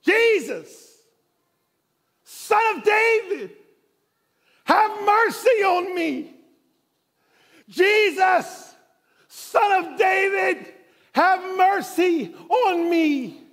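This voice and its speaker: Blind beggar man, desperate, shouting for mercy, put on by a preacher; high, sweeping voice. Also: expressive, drawn-out words, long pauses, heavily acted. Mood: pleading shout. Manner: shouting, pleading.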